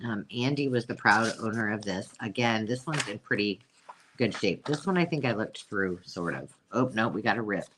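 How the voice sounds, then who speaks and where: Chatty host with a lively, swooping voice. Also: medium pitch, moderate pace, noisy background. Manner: chatty, self-mocking, coos over pictures. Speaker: host selling vintage books. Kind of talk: casual live sale chat.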